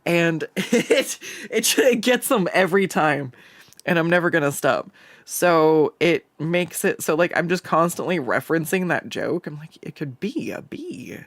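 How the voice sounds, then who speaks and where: Here the voice is mid-range and a bit bright, moving at a measured pace with lively intonation and no echo. It belongs to a livestreaming artist chatting loosely while drawing at home on a desk microphone, full of profanity and stumbling restarts.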